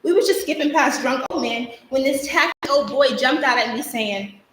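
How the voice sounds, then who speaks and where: Her voice high and fairly bright, a young stage actor moves at a moderate pace through a theatrical monologue as a spirited girl reminiscing about childhood, vivid and rhythmic. Recorded live on stage, the sound is echoey with slight background noise.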